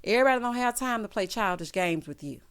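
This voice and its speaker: A woman's voice: medium pitch, lively intonation, quick pace, a bit bright, clear, resonant tone. Sassy woman recapping a TV show. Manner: sassy, talks straight to viewers, acts out quotes. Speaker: TV recap host. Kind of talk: casual show recap and commentary.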